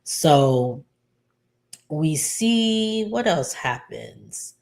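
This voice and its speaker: Low-voiced woman chatting through a recap. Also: big pitch swings, vocal fry, darkish tone. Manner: chatty, loose, many ums and likes, quick to laugh. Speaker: soap opera recap vlogger. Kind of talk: casual episode recap.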